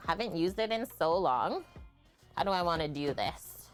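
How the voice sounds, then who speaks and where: A woman with a somewhat low voice talks her way through a recipe on a live cooking stream. She chats casually and explains each step as she works in her home kitchen, with faint music playing underneath. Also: expressive, moderate pace.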